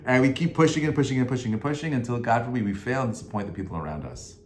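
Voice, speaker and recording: A male rabbi giving an informal Torah class, chatty and conversational, rising now and then to emphatic, forceful peaks. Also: mid-range voice, rapid-fire, reverberant, slight background noise.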